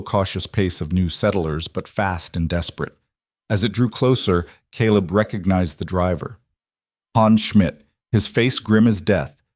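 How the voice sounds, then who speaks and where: Male narrator, low voice, dry close sound, steady western storytelling. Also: no room sound.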